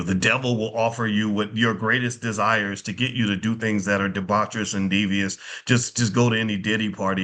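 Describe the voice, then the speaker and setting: A middle-aged man talks through money lessons in a loose, preacherly monologue. His voice is bright and forceful, and he drives his points home by repeating them. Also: lowish voice. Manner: animated, preacherly, repeats phrases for emphasis. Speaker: finance educator and show host. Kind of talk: casual monologue.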